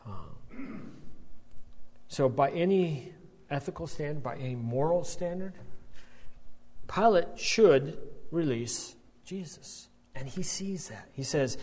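A man's voice: a little high, expressive, measured pace, pauses often, a little mellow. A man teaching verse by verse from the Bible, explaining as he goes and often checking in with his listeners. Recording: long hall reverb.

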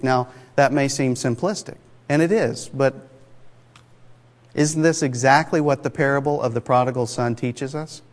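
A male preacher delivers his sermon in a conversational yet emphatic way. He often asks the congregation rhetorical questions. His mid-pitched voice carries with the long reverb of a church sanctuary. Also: fairly even intonation, moderate pace. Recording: long reverb of a large hall.

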